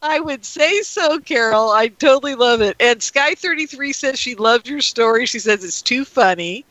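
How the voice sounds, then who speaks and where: A woman's voice: a little high, lively intonation, normal speed, fairly bright tone, dry recording, low-quality recording. A woman hosting a talk radio show in a chatty manner, laughing often with her guest. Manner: laughs easily, chatty, reads chat messages.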